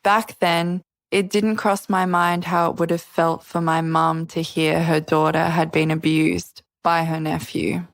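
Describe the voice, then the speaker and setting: A woman hosting a podcast, giving measured scripted narration. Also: fairly low pitch, level tone, creaky, no echo. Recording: dry close studio mic.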